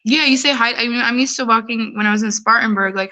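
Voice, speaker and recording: A woman from New York City chatting casually as a caller, rambling and animated. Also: a little high, fast talker, highs cut off. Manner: rambling, animated, acts out other people's voices. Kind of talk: casual chat.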